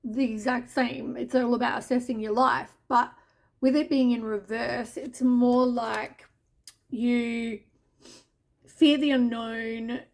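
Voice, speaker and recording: A woman's voice: a little high, level tone, takes it slowly. A woman doing a casual tarot reading, talking straight to the listener in a chatty, offhand way with mild swearing and asides. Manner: addresses the listener directly as you. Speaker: tarot reader.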